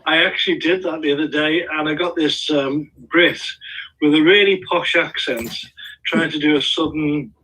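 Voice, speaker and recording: A man's voice: fairly high pitch, bright, forceful tone, slightly rough, poor audio. A man, an actor from England, chatting casually on a video call with many restarts and small laughs. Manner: halting, lots of restarts and laughs. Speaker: actor guest.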